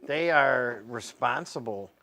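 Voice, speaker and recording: Emphatic, animated co-host. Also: male voice, medium pitch, slow, gravelly. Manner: emphatic, opinionated. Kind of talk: casual political chat.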